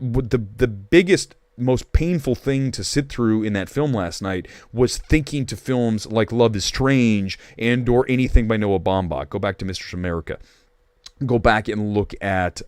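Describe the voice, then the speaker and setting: A man's voice: fairly low pitch, darkish tone, clean tone, dry recording. A man hosting a casual livestream movie chat, opinionated and rambling, with restarts and asides. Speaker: movie talk show host.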